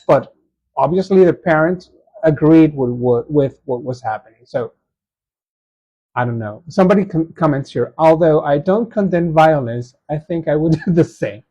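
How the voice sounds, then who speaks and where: A man's voice: fairly high pitch, animated, unhurried, mellow, breathy edge. A man in his thirties reading submitted stories aloud and reacting with laughing asides. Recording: dull lo-fi sound.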